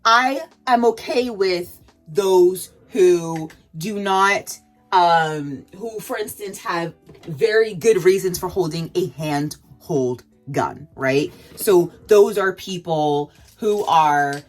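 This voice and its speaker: A woman ranting straight to camera as she does her makeup. Her voice sits fairly low and leaps up on rhetorical questions, with soft music playing faintly behind. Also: slow. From Canada. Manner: fired-up, rhetorical questions with big pitch jumps. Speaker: vlogger. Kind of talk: impassioned vlog rant while doing makeup.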